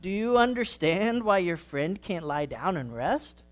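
A man voicing the oldest ewe of the flock, a kind and wise grandmother sheep, explaining things gently and patiently in a storybook. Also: sits high, sing-song, a little slow, soft background music. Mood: teaching.

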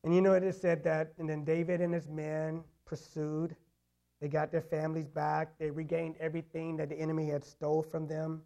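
Pastor guy preaching, kinda high voice, gravelly, lots of "you know"s and repeats. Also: monotone, normal speed, dark tone. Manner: conversational preaching with many "you know" fillers and repetitions. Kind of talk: sermon.

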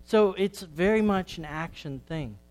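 Man preaching, explains stuff earnestly, a bit high voice. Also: a little slow, a little mellow, soft background music, rough recording. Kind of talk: sermon with children's story reading.

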